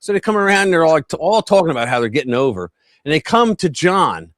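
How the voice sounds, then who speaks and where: Guy telling a story on a live stream, lively ups and downs, dry close mic. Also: on the high side, quick pace, no echo. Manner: animated, acts out quoted voices. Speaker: co-host. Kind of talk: casual storytelling chat.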